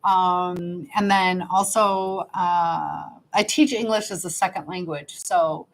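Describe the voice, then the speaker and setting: A woman's voice: fairly low pitch, steady tone, slow pace, poor audio. A woman hosting a casual live stream from home, chatting and reading viewer comments aloud with frequent laughs.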